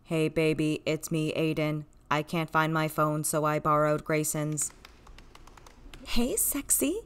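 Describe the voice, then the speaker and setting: A text-to-speech voice playing a monotone computer imitation of a man in a comedy sketch. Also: mid-range voice, takes it slowly, clean tone. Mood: deadpan. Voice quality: monotone, robotic.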